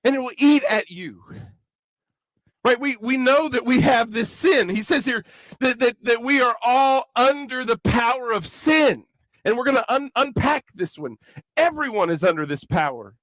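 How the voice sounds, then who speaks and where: A man with a Kentucky accent preaches to young people in a high, bright voice, mixing jokes into the sermon. The sound is dry and close, with no room echo. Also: normal speed. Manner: chatty, joking, animated preaching. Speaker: youth rally speaker. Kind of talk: conversational sermon with comic asides.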